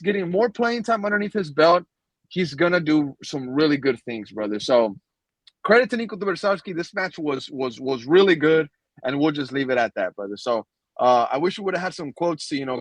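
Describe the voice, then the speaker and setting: A man's voice: on the high side, animated, brisk, no room sound, low-quality recording. A man co-hosting a soccer podcast, emphatic and fired-up, often calling his co-host brother. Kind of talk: passionate soccer podcast commentary.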